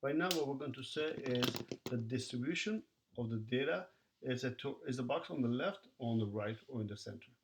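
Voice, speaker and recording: A man's voice: medium pitch, animated, fairly quick, noisy background. A man teaching a recorded math lesson, talking to students as he works through problems and counts the numbers aloud.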